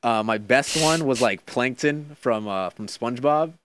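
A young man chatting casually as a guest, animated, with lots of filler words and quoted voices. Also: mid-range voice, a little slow. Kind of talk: casual podcast chat.

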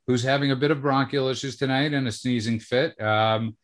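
A man's voice: mid-range voice, steady tone, fairly quick. A man co-hosting a podcast who stammers and restarts his sentences as he chats and reads show plugs. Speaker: podcast co-host. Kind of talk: casual podcast talk with promo reads.

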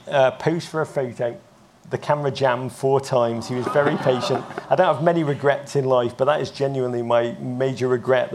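An English man in his fifties, a broadcaster telling lively, self-mocking stories as a guest in a live interview. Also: fairly high pitch, slight background noise. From England. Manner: animated, self-mocking anecdotes with frequent restarts. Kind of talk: live on-stage interview storytelling.

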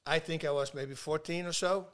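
A man in his fifties, a guest telling stories in casual talk, lively and laughing, acting out the people he quotes. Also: a little high, moderate pace, clear, resonant tone. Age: 50s. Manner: animated, laughs a lot, acts out dialogue. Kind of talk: casual storytelling.

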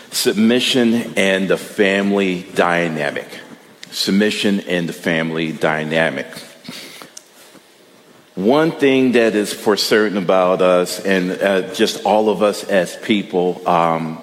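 A man with a Midwestern US accent preaching a sermon as pastor, in a relaxed, conversational way with frequent fillers and repeated words. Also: sits low, big-room sound.

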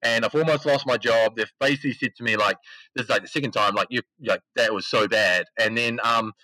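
A man's voice: medium pitch, fairly quick, no room sound, rough recording. A man telling a story in casual, slangy talk as a podcast guest, acting out the quotes. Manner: animated, slangy, acts out quotes. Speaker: podcast guest, esports CEO.

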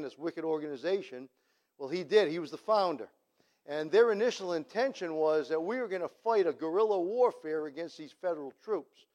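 A man's voice: high-pitched, darkish tone. A man delivers a sermon. He tells his story in a conversational way, then swells into emphatic calls to his listeners. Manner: storytelling, rising to emphatic appeals. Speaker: preacher.

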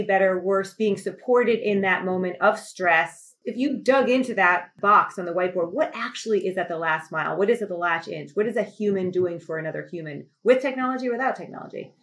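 A woman's voice: on the low side, a bit bright, poor audio. Impassioned woman telling a story. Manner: emphatic, rising to impassioned intensity. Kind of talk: passionate conversational storytelling.

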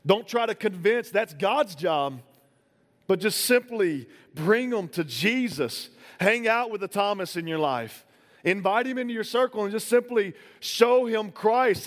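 A man preaches a sermon in a relaxed, chatty way, often stopping for small fillers as he talks. His voice sits high for a man. The sound carries a long reverb, as if it were recorded in a large hall. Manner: casual, conversational preaching with many fillers. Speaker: pastor.

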